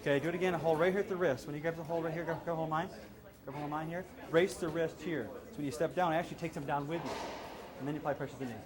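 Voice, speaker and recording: A man with a high voice teaches self-defense, calling out short, repeated commands to his students. A busy crowd of people can be heard behind him. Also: fairly even intonation, racing. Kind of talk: coaching a hands-on class.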